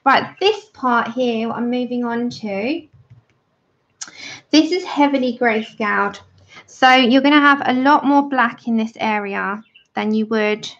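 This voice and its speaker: An art tutor with a fairly high, gravelly voice gives a friendly, chatty drawing tutorial on a livestream. The audio is dull and lo-fi.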